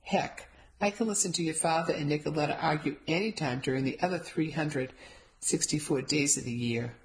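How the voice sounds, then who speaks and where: A woman's voice: low-pitched, moderate pace, lightly acted, rough recording. A woman voicing a wry young husband grumbling in a whispered aside.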